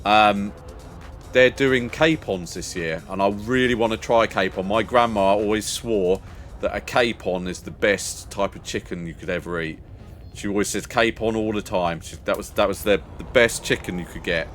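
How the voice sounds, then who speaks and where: An older man chatting away to his viewers in a lowish voice, rambling from one thought to the next and laughing along the way. Faint music plays quietly behind him. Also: moderate pace. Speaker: streamer. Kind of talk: casual chat with viewers.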